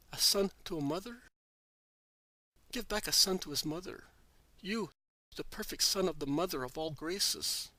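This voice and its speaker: A man's voice: a little high, pushed and bright, no echo. A man reading as a grieving old father. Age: older. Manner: pleading, tearful and urgent.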